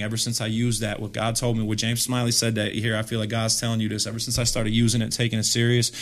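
A middle-aged man telling a story as a podcast guest in casual chat, animated and full of fillers, laughing often. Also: lowish voice. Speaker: podcast guest, graffiti artist.

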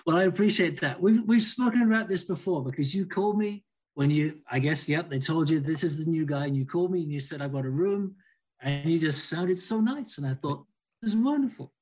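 Man, British accent, podcast guest, easygoing, good-humored, slightly high voice. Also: brisk, darkish tone. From Britain. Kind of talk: casual chat.

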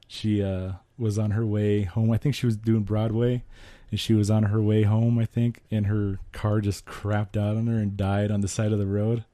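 Mellow-voiced man rambling through a story. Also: fairly low pitch, level tone, normal speed, no room sound. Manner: rambling, many fillers and restarts. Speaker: podcast co-host. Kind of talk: casual storytelling chat.

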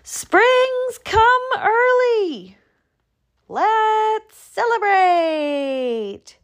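A woman's voice: sing-song, measured pace. A woman voicing a hungry, lonely, sly young male groundhog who calls out eagerly in a raised voice. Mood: excited. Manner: eager, calling out high and bright.

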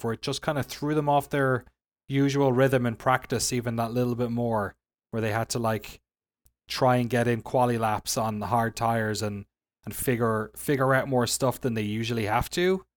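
A man in a casual podcast chat, with a medium-pitched voice. He trades quick, joking quips with his co-host and talks easily through race thoughts.

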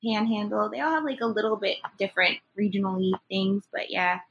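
A woman from San Antonio, Texas, chatting as a podcast guest in a relaxed way. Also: mid-range voice, brisk, gravelly, dull audio. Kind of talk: casual chat.

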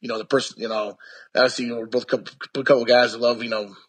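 Young man, husky voice, rambling, lots of restarts, casual interview guest. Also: medium pitch, flat delivery, racing, a bit bright. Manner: rambling, with many restarts and fillers.

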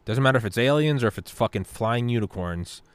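A man's voice: medium pitch, lively intonation, fast talker, clean tone, dry recording. A man in casual podcast chat, a profane, jokey storyteller who laughs often.

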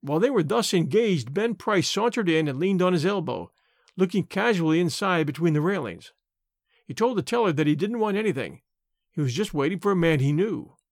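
A man reading a classic short story aloud, expressive and varied. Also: high voice, a little fast, no room sound, clean studio sound.

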